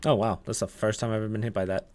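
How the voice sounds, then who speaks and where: A young man giving casual gameplay walkthrough commentary, relaxed and chatty, with frequent "uh" and "um" as he explains each step. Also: on the low side, rapid-fire. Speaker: gaming guide creator.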